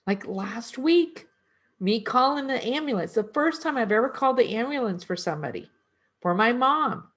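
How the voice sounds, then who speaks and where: A woman's voice: a little high, animated, fairly bright tone. A middle-aged woman energy worker talking casually and reflectively, asking her listeners questions. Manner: reflective, slow, conversational with rhetorical questions. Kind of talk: casual spiritual talk.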